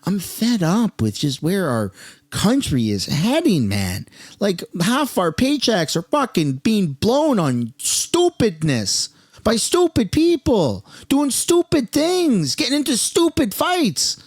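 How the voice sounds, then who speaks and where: A man's voice: sits high, huge pitch swings, slow pace, no echo, clean studio sound. A man from Canada, a commentary host, ranting angrily and with lots of profanity about the state of the country. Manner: angry, profane, exasperated.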